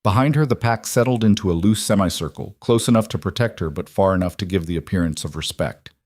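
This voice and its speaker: A man narrating a fantasy story in an even, measured way. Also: low-pitched, no echo, clean studio sound. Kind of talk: scripted audiobook narration.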